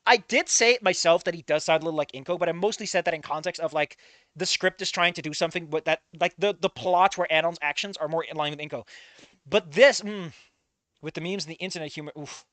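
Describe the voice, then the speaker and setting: A man reading a fan story aloud and breaking off into animated, profane, mock-outraged commentary. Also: on the high side, fast talker, no echo. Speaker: story reader.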